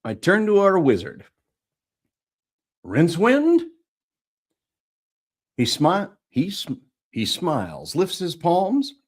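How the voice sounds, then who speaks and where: An audiobook narrator reads a comic fantasy story live, retaking and repeating lines and doing playful character voices. The medium-pitched delivery is very animated and a little slow.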